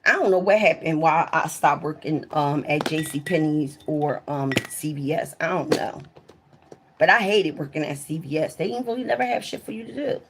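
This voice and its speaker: Woman, lowish voice, live stream storytelling, swears a lot, talks to viewers, gets loud at the funny parts. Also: moderate pace, noisy background. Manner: profane, talks straight to viewers. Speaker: livestreamer. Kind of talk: casual storytelling to a live audience.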